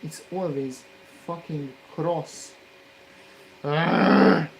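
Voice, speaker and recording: A man's voice: on the high side, measured pace, poor audio. Man muttering and swearing over soldering. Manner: mutters quietly, then erupts into loud profane yelling. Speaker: maker filming his electronics work. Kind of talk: muttered running commentary while soldering. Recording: steady background noise.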